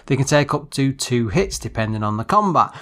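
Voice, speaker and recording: A man's voice: mid-range voice, big pitch swings, pushed and bright. A man co-hosting a podcast, casually reviewing an old computer game and often stopping to search for words. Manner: halting, searching for words with many restarts. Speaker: podcast co-host.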